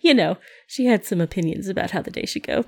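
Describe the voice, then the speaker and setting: A woman co-hosting a casual chat, telling a quick, upbeat story. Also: mid-range voice, expressive, vocal fry. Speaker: podcast co-host.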